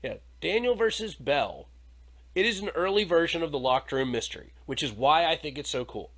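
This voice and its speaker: A man's voice: mid-range voice, fairly bright tone. Irreverent, jokey male podcast host. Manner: irreverent, jokey, swears freely. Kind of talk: casual discussion.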